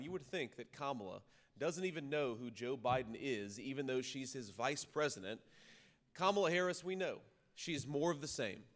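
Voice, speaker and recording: A man giving a campaign rally speech into a podium microphone, talking conversationally with restarts and repeated words and rising to loud punchy lines. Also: on the high side. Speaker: political candidate addressing a rally. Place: large reverberant rally venue. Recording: long reverb of a rally hall, faint ambient noise.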